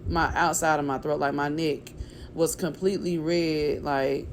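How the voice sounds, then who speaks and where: A woman's voice: low voice, steady tone, a little slow, slight background noise. A woman vlogger telling a personal story in a casual, chatty way, acting out what other people said and filling her speech with "like" and "you know". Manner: many fillers like "like" and "you know".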